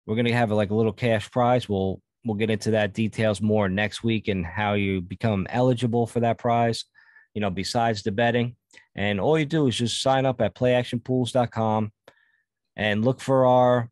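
A man's voice: medium pitch, darkish tone, no room sound, studio quality. A man hosting a podcast in casual chat, laid-back and swearing freely. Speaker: podcast host.

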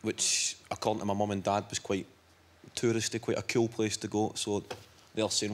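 A young man with a Scottish accent, telling dry, deadpan anecdotes as a comedian guest on a chat show. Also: mid-range voice, normal speed. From Scotland. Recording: loud background noise. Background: studio audience laughter.

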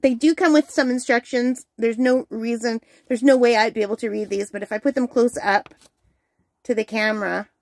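A woman's voice: fairly high pitch, steady tone, moderate pace, dry recording. A woman hosting a crafting channel, chatting casually and enthusiastically at home while unboxing, with the hiccups. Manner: chatty, enthusiastic, easily delighted. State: has the hiccups.

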